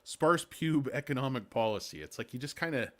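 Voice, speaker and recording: Male livestream host, rambling and sarcastic, crude humor, mid-pitched voice. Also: expressive, brisk. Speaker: stock market livestream host. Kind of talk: casual livestream commentary.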